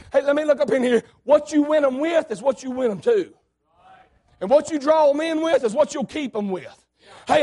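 A man preaching a fiery sermon, swinging between hollering and low asides. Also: darkish tone.

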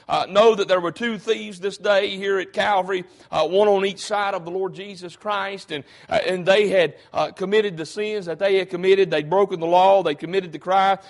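A preacher with a very high voice delivers a sermon to his congregation. He starts out calm and explanatory, then rises to fervent, shouted appeals, peppering his lines with "hey" and questions to the room. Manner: frequent fillers and restarts, rhetorical questions to the congregation.

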